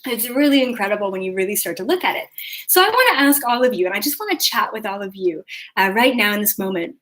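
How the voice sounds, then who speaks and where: A woman's voice: medium pitch, expressive, fast talker, fairly bright tone. A young adult woman hosting a spiritual live video, talking casually with lots of fillers and acting out her own thoughts in quotes. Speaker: spiritual podcast host.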